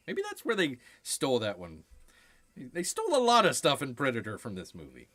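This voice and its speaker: A man's voice: medium pitch, huge pitch swings, normal speed, fairly bright tone. A man hosting a casual movie watch-along, making wry, jokey remarks about the film. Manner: jokey, wry, often slips into silly voices. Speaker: streamer, host.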